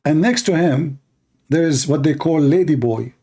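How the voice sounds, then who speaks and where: A man with a slightly high voice and a sarcastic, mocking delivery. His English is broken and he restarts sentences often. He is hosting a polemical talk. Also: moderate pace, mellow. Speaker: host.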